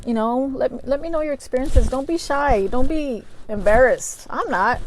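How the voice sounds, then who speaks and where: Middle-aged vlogger, lively and chatty, slightly high-pitched woman telling a story. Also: normal speed, a little hiss or hum, rough recording. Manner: animated, addresses viewers as y'all. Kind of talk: casual storytelling to viewers.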